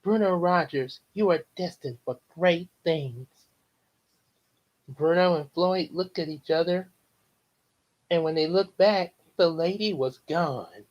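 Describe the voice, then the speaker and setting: A woman slowly reading a storybook aloud, earnest and steady, voicing the characters as she goes. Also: fairly low pitch, dull audio. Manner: slow, earnest read-aloud delivery.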